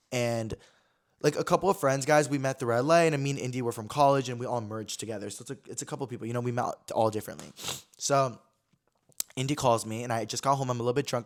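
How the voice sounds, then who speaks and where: A young man in his twenties hosting a podcast, telling a personal story in a chatty, animated way full of fillers and quoted voices. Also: medium pitch. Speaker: podcast host. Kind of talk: casual storytelling chat.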